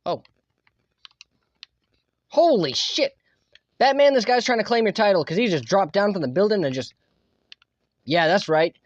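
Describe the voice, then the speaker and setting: A young man streaming a game, chatting casually, excitable and full of swearing and laughter. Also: high-pitched, a little fast, no echo. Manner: excitable, profane, laughs a lot. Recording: dull lo-fi mic, dry.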